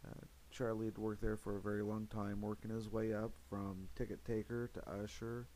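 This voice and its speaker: Male ghost-hunt narrator, low and warm, earnest, slight hiss. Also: moderate pace, poor audio. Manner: steady, earnest, with frequent "uh" fillers. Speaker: paranormal investigator narrating. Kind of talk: narrated voice-over of recordings.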